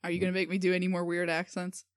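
A woman co-hosting a casual podcast, answering a quiz, joking and thinking out loud. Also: on the low side, completely flat delivery, rapid-fire, dry recording, studio quality. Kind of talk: casual chat.

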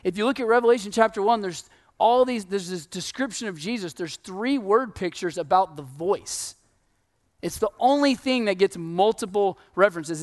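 A man with a high, lifted voice delivers a sermon in an easy, conversational style. He tells stories, acts out the quotes and keeps the tone animated. He sounds like he is in his thirties. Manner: conversational, animated storytelling with laughs and acted quotes. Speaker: pastor.

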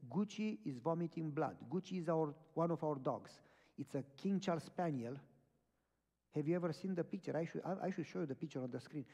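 A man, a pastor, preaching a sermon with personal stories, acting out the dialogue as he tells them. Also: fairly high pitch. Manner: animated storytelling, acting out dialogue. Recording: long reverb of a large hall.

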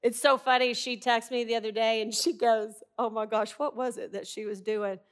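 A woman's voice: fairly high pitch, fairly even intonation, normal speed, clear, resonant tone. A middle-aged woman preaching a sermon in a conversational, humorous and emphatic way.

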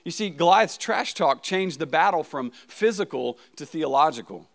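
A man's voice: a little high, animated, moderate pace, vocal fry, fairly bright tone. Give me a man preaching a sermon in a casual, conversational way, who often checks in with "right?". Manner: conversational, often adds "right?" and restarts words. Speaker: pastor.

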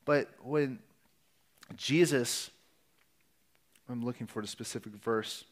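A man with a medium-pitched voice preaches a sermon slowly and earnestly as a pastor. He sometimes restarts his phrases and varies his emphasis.

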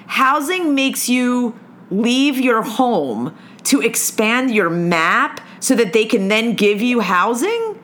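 A woman's voice: fairly high pitch, very animated, takes it slowly, a bit bright. A woman hosting a casual rant podcast, rambling and swearing freely with self-mocking humor. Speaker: podcast host. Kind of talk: casual chat.

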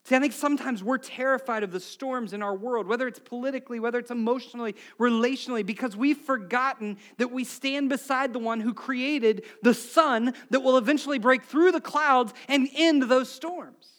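A middle-aged man preaches with a notably high voice. He tells animated stories and moves from soft, hushed asides to loud, excited shouts. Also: normal speed, hardly any pauses. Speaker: pastor. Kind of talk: sermon.

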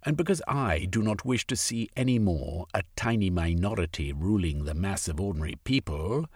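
A man's voice: deep voice, lively intonation, normal speed, darkish tone, slightly rough, no room sound, studio quality. A man voicing a passionate young aristocrat turned radical, pleading his case in a storybook reading. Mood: impassioned.

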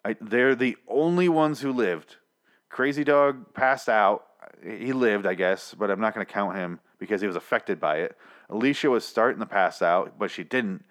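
A man's voice: fairly low pitch, normal speed. A man recapping and reviewing a TV episode in a casual, rambling way, often exasperated and swearing.

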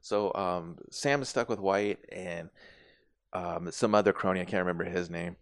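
A man's voice: sits low, normal speed, no echo. A man in casual podcast chat, retelling film scenes and acting out the characters' lines with plenty of swearing. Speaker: podcast co-host. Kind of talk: casual movie recap chat.

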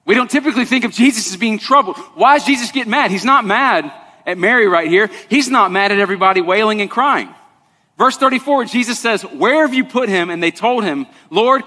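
A man preaching a sermon to a congregation, talking conversationally and dropping to soft, intense tones for weight. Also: high-pitched. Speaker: pastor. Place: church sanctuary. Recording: long reverb of a large hall.

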